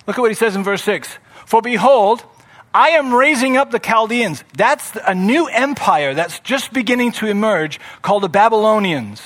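A man's voice: high-pitched, normal speed. A man preaching a sermon, reading scripture and voicing the prophet's complaints with strong emphasis. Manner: expressive, acts out scripture voices with rising emphasis. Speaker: pastor.

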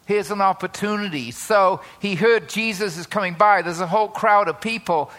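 Bright, high-voiced man preaching a sermon. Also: normal speed. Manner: conversational, with many filler asides and tag questions.

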